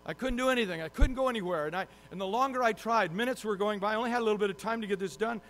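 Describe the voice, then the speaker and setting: A man's voice: sits high, very fast, fairly bright tone. A man preaching a sermon who tells a self-deprecating story and acts out his own frustration. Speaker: pastor. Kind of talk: sermon with humorous personal story. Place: church sanctuary.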